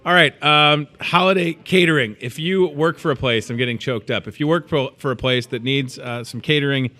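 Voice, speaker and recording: A man's voice: mid-range voice, normal speed, pushed and bright. A man hosting a store's daily show, chatting casually and joking about food with playful asides. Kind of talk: casual chat.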